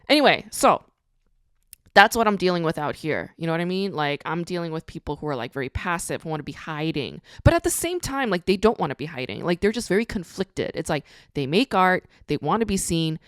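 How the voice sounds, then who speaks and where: A woman's voice: lowish voice, sing-song, a little fast, dry recording, clean studio sound. A woman hosting a podcast, talking casually in a blunt, ranting way and swearing freely. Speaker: podcast host. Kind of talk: casual monologue.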